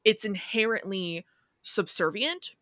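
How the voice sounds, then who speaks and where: A woman co-hosting a casual film-discussion podcast, thinking aloud in halting, animated bursts. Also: mid-range voice. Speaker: podcast co-host.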